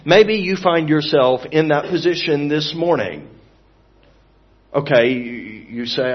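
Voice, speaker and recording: Guy preaching, earnest and expressive, kinda high voice, muffled lo-fi recording. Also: takes it slowly. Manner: earnest, expressive, swings from emphatic to hushed. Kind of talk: sermon.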